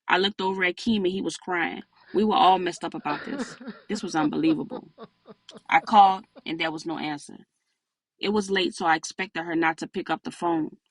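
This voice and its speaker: A woman's voice: fairly low pitch, a bit bright, dry recording. A woman narrating a first-person audiobook in a plain, conversational storytelling manner.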